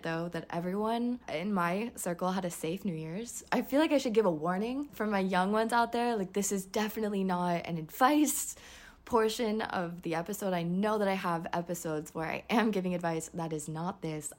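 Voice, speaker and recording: Candid, chatty young woman podcaster. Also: lowish voice. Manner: candid, laughs often, chatty with fillers. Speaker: podcast host. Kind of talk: casual personal life update.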